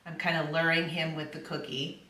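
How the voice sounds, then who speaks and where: A middle-aged woman dog trainer explaining puppy training in a calm, affirming voice. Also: deep voice, fairly quick. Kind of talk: instructional voice-over. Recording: echoey room, from far off, faint noise.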